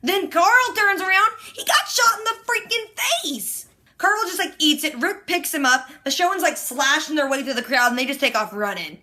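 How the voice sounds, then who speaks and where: A woman giving a casual, animated recap of a TV episode in slangy, excitable storytelling. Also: high-pitched, moderate pace. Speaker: TV reaction host.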